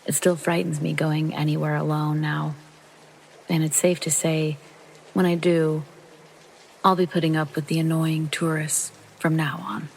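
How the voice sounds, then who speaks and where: A narrator reading a true scary story aloud in calm, steady first person, meant for sleep listening. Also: medium pitch, a little slow, vocal fry, slight background noise, rough recording. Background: rain sounds.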